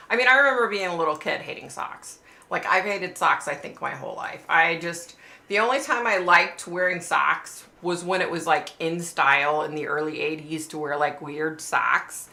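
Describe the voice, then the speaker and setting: A woman's voice: low voice, moderate pace, vocal fry, pushed and bright, reverberant. A middle-aged woman hosting a casual livestream, rambling chattily to her viewers, swearing freely and saying "like" often. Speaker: psychic livestream host.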